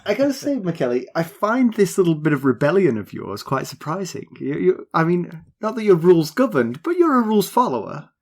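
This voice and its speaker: Man with a wry, lively voice. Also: sits high, brisk, hardly any pauses. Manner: wry, teasing banter. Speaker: podcast co-host. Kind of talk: casual chat.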